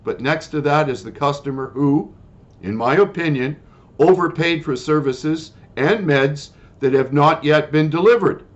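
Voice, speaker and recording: An older retired man telling his complaint in a personal monologue, formal and measured at first, then loud and indignant. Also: fairly high pitch, muffled recording.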